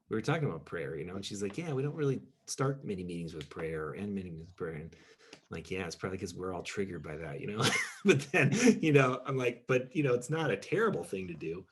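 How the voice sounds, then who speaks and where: Low-voiced rambling man leading a church talk. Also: animated, a little fast, breathy edge. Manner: rambling and self-deprecating, full of "you know". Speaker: pastor leading a group discussion. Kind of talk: casual teaching talk with audience questions.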